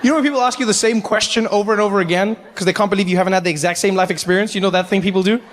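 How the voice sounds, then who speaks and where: A middle-aged man with a South African accent doing animated, self-mocking stand-up storytelling. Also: sits high, racing, long reverb tail. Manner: animated, self-mocking, rising to near shouts. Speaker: stand-up comedian.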